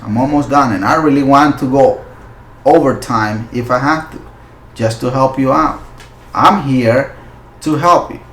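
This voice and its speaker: A male forex channel host giving live market analysis, excitable and slipping into loud hype and exclamations, with non-native English phrasing. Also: mid-range voice, a little slow, long pauses, roomy sound.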